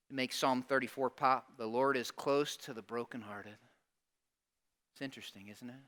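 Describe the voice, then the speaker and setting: A pastor preaching a sermon in church, animated, acting out the people he quotes and putting questions to the congregation. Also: medium pitch, a little slow.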